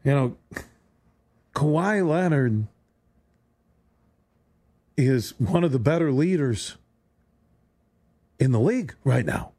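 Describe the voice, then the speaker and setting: A man's voice: medium pitch, lively intonation, slow pace, pauses often, a little mellow, no echo. A man hosting a sports radio show, talking in a rambling, sarcastic monologue with stumbling restarts, recorded on a studio microphone. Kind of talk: solo sports talk monologue.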